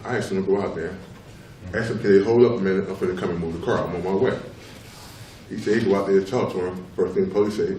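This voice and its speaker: A middle-aged father testifies before a public tribunal, a fast talker with a low, darkish voice and a steady tone. He leans on emphasis and repetition to make his points, frequently asking "you know what I'm saying." The hall sounds roomy, with a distant mic picking up faint noise in the public hearing room.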